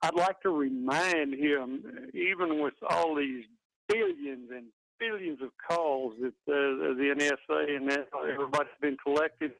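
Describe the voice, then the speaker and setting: A man calls into a talk show while fighting a bad cold, earnest and indignant. His voice is gravelly and sits slightly high. The line sounds dry and close. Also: lively intonation, unhurried, fairly bright tone, no echo, low-quality recording. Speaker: caller. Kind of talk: call-in talk radio.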